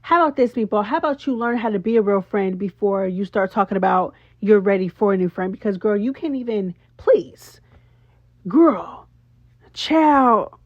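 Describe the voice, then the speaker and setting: A woman hosting a casual reality show recap, sassy and animated, full of slang and acted-out quotes. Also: medium pitch, quick pace, few pauses, dry recording. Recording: dull lo-fi sound.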